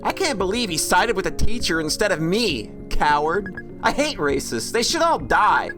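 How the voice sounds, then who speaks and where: A woman's voice: on the low side, sing-song, moderate pace, fairly bright tone. A woman voicing a hotheaded, defiant teenage girl in a game. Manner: defiant, blunt. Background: game music.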